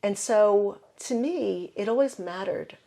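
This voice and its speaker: As a guest in an interview, an older Midwestern American herbalist spins casual stories packed with "you know" fillers. She speaks slowly in a mid-range voice that is gravelly and warm.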